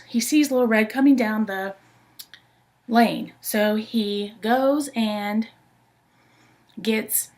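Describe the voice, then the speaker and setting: A woman performing a folk tale aloud as a storyteller, in a lively, chatty way. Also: a little high. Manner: animated, chatty retelling.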